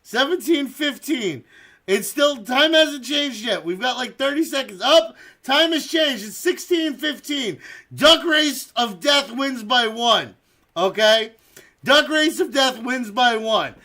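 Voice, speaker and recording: A man's voice: extremely high pitch, lively intonation, takes it slowly. A man hosting a live stream, playfully announcing players as they drop out of a game, often laughing. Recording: loud crowd and noise behind.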